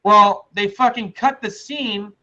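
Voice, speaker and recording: A man in casual podcast chat, telling stories excitedly with lots of swearing and laughter. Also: sits high, slow. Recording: slightly dull lo-fi sound.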